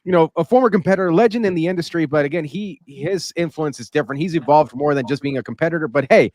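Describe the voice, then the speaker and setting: A man hosting a podcast, doing an energetic interview full of hype. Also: fairly high pitch, fast talker. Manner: hype-driven, energetic announcer patter. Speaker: podcast host.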